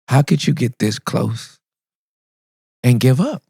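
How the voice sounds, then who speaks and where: A man, a pastor and podcast guest, telling a funny story in a playful, self-mocking way and swooping up high for the punchlines. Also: expressive, drawn-out words, vocal fry, long pauses, dark tone, breathy edge, no room sound, clean studio sound. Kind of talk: animated comic storytelling in a podcast interview.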